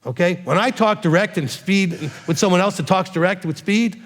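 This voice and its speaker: A man, a rabbi, answering questions from his congregation in a direct, animated way, often checking in with a quick "okay?". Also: sits high. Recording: long hall reverb.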